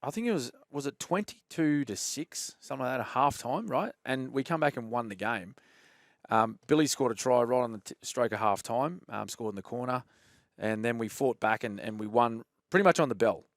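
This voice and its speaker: A man with an Australian accent telling old rugby league stories in a casual chat, lively and laughing often, calling his listener "mate". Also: medium pitch, a little fast, dry recording, studio quality. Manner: animated, laughs often, says "mate" a lot. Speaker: podcast guest, former rugby league player.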